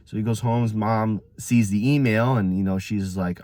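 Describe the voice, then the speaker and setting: A man's voice: lowish voice, steady tone, moderate pace, darkish tone, no room sound. Rambling, casual male storyteller. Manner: rambling with frequent fillers.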